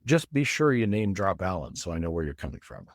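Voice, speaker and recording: A low-sitting, very animated man's voice comes through with no echo and clean studio sound. He's a middle-aged design consultant being interviewed in a casual chat, friendly throughout, and he carefully spells out details in a deliberate way.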